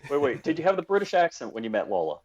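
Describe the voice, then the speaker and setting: A man's voice: on the high side, very animated, very fast, a little mellow. A man co-hosting a podcast in casual chat, teasing and reading out listener comments. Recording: dull lo-fi sound.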